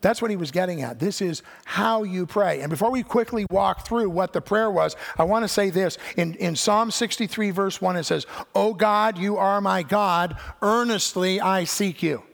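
A man's voice: high-pitched, moderate pace, gravelly, hardly any pauses. An older man preaching a sermon, telling stories and acting out the voices of the people he quotes. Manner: animated storytelling, acts out quoted voices. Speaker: pastor. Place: church sanctuary. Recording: church hall with long reverb.

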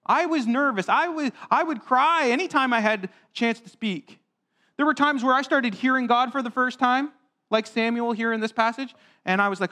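A man's voice: very high-pitched, moderate pace, pushed and bright. A male pastor giving a child-friendly sermon in church, chatty and asking the congregation questions. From grew up on a farm. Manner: conversational, asks the congregation questions.

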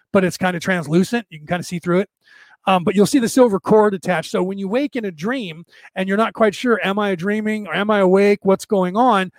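Man with a high voice, host chatting to viewers, rambling and casual, dry close sound. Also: dry recording. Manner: rambling, with frequent "right?" check-ins. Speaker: spiritual talk host answering viewers. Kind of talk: casual storytelling and explanation.

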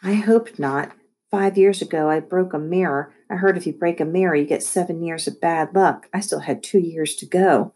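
Low, husky woman reading a kids' book. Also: moderate pace. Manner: lively storytelling with voiced asides. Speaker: audiobook reader. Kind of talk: reading a children's chapter book aloud.

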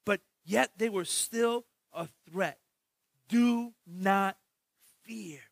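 A man preaching a sermon as pastor, switching between loud shouted exhortation and quiet, joking asides in casual slang. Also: sits high, extremely slow, vocal fry, no room sound. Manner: jokey, street-slang storytelling.

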